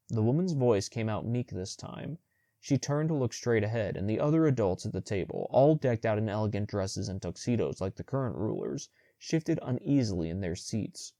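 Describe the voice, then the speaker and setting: A man narrating a young adult audiobook in the first person with steady, measured storytelling. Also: on the low side, no room sound, clean studio sound.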